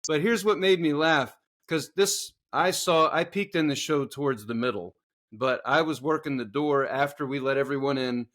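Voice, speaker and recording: Casting note: man, casual podcast co-host, sweary storyteller who shouts out his reenactments, voice sits a bit high. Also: moderate pace. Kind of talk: casual chat.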